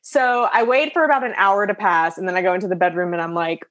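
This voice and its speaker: A woman guest on a podcast, telling an everyday story in an animated, expressive way and laughing often. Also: mid-range voice, fast. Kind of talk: casual conversational storytelling.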